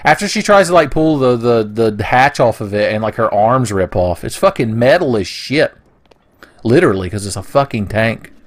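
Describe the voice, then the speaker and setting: Young man, gaming commentary, rambling, swears a lot, mid-pitched voice. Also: lively intonation, normal speed. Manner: rambling, profane, goofy rants. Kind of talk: let's play commentary.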